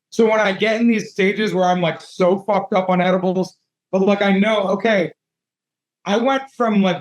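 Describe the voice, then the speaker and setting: Brief: man in his thirties, light high-set voice, swears freely, animated candid storyteller on an interview. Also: moderate pace, rough recording. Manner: profane, animated, self-mocking storytelling. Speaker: tattoo artist guest.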